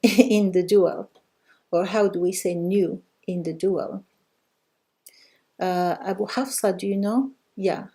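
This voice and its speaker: A middle-aged woman leads a live online language class. Her voice is mellow and dark-toned, with a pitch that sits in the middle. She repeats each question slowly and patiently and rewards students with steady praise. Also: husky. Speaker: language teacher.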